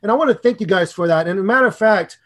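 Excitable middle-aged man, podcast host. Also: fast talker. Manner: excitable, with animated swings in pitch and loudness. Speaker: podcast co-host and speaking coach. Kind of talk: energetic podcast talk on public speaking.

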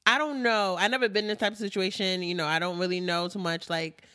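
A woman chats casually about a TV episode, at an ordinary middle pitch. She acts out the characters' lines as she goes, loose and full of fillers. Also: fairly even intonation, fast, pushed and bright, clear, resonant tone, dry recording, studio quality. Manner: chatty, acts out quotes with lots of fillers. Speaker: co-host recapping a TV show. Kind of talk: casual chat.

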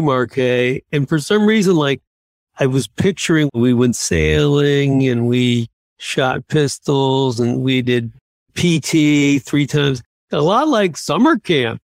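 A man in his sixties from Massachusetts, a guest on an interview podcast, telling lively self-deprecating anecdotes. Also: mid-range voice, vocal fry, dry recording, clean studio sound. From Massachusetts, USA. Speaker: podcast guest, former submarine commander. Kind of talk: conversational interview storytelling.

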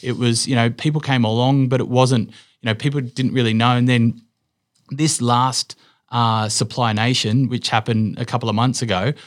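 Australian man, middle-aged, interview guest, rambling storyteller, fillers and restarts, mid-pitched voice. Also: fairly even intonation, normal speed. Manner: rambling, lots of fillers and restarts, laughs while telling stories. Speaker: guest, business owner.

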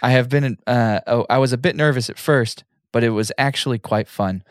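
A man's voice: medium pitch, fairly quick, dry recording, clean studio sound, lightly acted. A man reading the lines of a nervous, cautious male alien officer from a script, plainly and half-laughing. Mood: wary.

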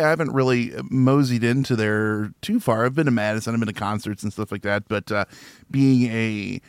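A man from near Chicago chats loosely on a podcast, joking and wandering off on tangents, laughing often. His voice sits at an ordinary middle pitch. The recording is close and dry, with no room sound. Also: normal speed, smooth, no room sound. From Illinois, near Chicago. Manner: jokey, rambling, laughs often. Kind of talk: casual podcast chat.

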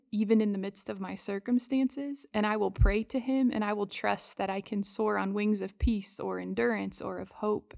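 A woman co-hosting a faith podcast, telling stories in an earnest, lively way. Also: mid-range voice, creaky, no room sound, clean studio sound. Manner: earnest, storytelling, animated in quotes. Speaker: podcast co-host.

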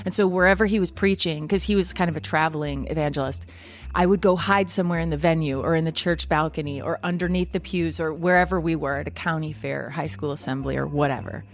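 A woman co-hosting a comedy podcast, chatting and telling stories with lively acted-out voices. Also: low-pitched, fast. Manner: animated storyteller who acts out voices. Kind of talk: casual chat, storytelling.

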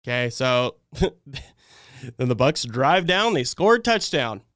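A man's voice: medium pitch, very animated, slow pace, a bit bright, no echo, clean studio sound. A man hosting a live fan stream, breaking down a game in a heated, exasperated rant. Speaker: fan channel host.

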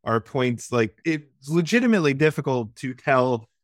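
A man's voice: medium pitch, very animated, normal speed, dry recording, studio quality. A man co-hosting a casual movie podcast, critiquing the film analytically with stammered restarts. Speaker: podcast co-host.

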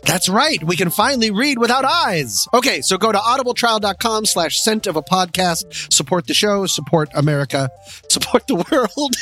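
A man's voice: high-pitched, expressive, bright, forceful tone, faint music behind. A man co-hosting a comedic podcast, joking and laughing at himself as he talks. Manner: jokey, laughing at himself, quick bursts. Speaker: podcast co-host.

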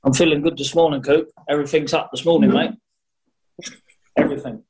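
A man's voice: on the high side, fairly even intonation, fairly quick, gravelly, a little mellow, rough recording. A man, answering interview questions over a video call in a cheeky, rambling, jokey way. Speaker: boxer interviewee. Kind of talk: casual remote interview.

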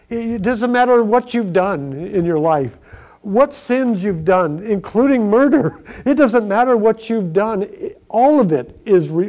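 A man earnestly telling his own near-death story in a slow, emotional testimony. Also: sits high, darkish tone. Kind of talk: personal testimony.

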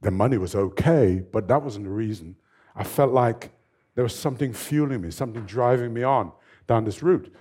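A man in his seventies, a fitness trainer telling stories as an interview guest in a lively, animated way. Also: mid-range voice, moderate pace, husky. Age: 70s. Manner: lively, animated storyteller who laughs often. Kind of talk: storytelling in an interview.

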